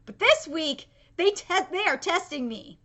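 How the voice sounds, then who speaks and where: A young woman, a manga reaction vlogger, talking excitedly and swearing as she reacts, breaking into shrieks. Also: very high voice, unhurried. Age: young adult. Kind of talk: live reaction vlog.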